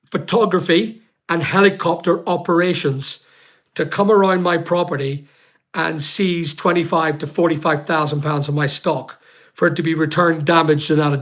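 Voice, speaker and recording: Man, slightly raised voice, emphatic, repeats himself, halting pauses, livestream account. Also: a little high, fairly bright tone. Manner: emphatic and repetitive, with frequent pauses and fillers. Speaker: YouTuber on a livestream. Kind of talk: emotional personal account.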